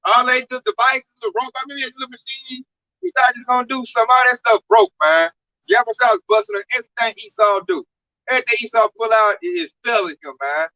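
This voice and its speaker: A man's voice: very high voice, quick pace, pushed and bright, no room sound. A man talking in a casual religious discussion, slangy and emphatic, acting out quotes in his own words. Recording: muffled lo-fi recording.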